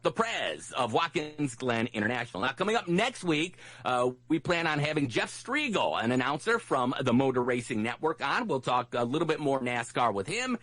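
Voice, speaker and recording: Male radio host, lively rambling delivery, dry studio mic. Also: mid-range voice, no room sound. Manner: rambling, lots of restarts and fillers; acts out his grandma's voice in anecdotes. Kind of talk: casual radio talk.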